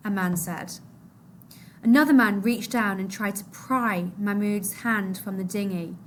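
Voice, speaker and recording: A woman reading a novel aloud to a class, expressive, her voice dropping low and soft at the sad moments. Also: a little slow, a little hiss or hum.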